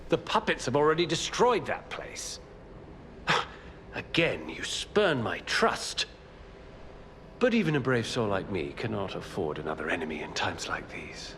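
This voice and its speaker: A man's voice: on the low side, big pitch swings, measured pace, a bit bright, a little hiss or hum, heavily acted. An actor playing a proud, aggrieved male monster hunter who speaks with formal, haughty gravity in a video game. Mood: wounded pride. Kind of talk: video game character dialogue.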